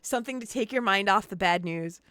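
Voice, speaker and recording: A woman in her forties chatting casually on a game stream, telling stories in an animated, playful, self-mocking way. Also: medium pitch, fairly quick, no echo, clean studio sound. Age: 40s.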